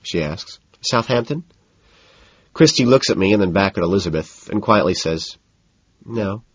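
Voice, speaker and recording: A man narrating a novel in the first person with a flat, detached, matter-of-fact delivery, in a slightly muffled recording. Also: low-pitched, a little fast, breathy edge, no room sound. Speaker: audiobook narrator.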